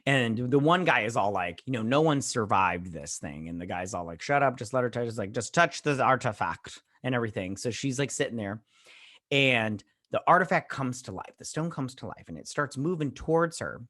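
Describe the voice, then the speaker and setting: A man's voice: mid-range voice, lively intonation, normal speed, a bit bright, dry recording, clean studio sound. A man hosting his own show, casually retelling a TV episode with lots of fillers and loose quoting. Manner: rambling, filler-heavy retelling with many "uh" and "all like". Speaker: show host.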